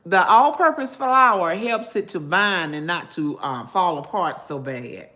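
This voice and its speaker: An older woman chats her way through a cooking livestream, homey and talkative. She takes her time, and her pitch rises and falls a lot as she goes. She talks straight to her viewers through a phone. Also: lively intonation, unhurried, sharp tone. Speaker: cooking channel host. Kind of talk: casual cooking livestream chat.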